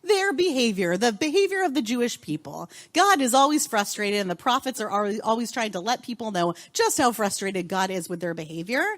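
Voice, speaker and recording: A woman's voice: a little high, expressive, fairly quick, few pauses. A woman rabbi and cantor teaching an interactive Torah class in a synagogue, calling on students and asking the group questions.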